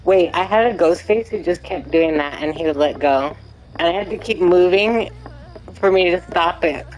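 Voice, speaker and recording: A woman's voice: fairly low pitch, normal speed, a little mellow, muffled recording. A young woman streaming a game, chatting casually, apologetic and giggly. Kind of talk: casual gameplay commentary.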